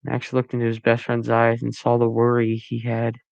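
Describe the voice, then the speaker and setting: A man reading his own story aloud, halting now and then with restarts and corrections. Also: mid-range voice, monotone, gravelly, darkish tone, no room sound, highs cut off. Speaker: amateur story reader.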